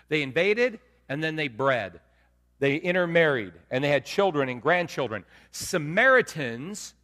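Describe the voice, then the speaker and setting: A man preaching a lively sermon to his congregation, asking them questions as he goes. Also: on the high side. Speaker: pastor. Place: church sanctuary. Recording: long hall reverb.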